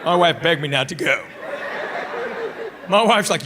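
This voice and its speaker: A middle-aged man performing stand-up comedy, telling family stories in a deadpan way with pauses before punchlines. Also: on the high side, a crowd in the background. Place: comedy club stage. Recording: live stage audio with audience laughter. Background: audience laughter.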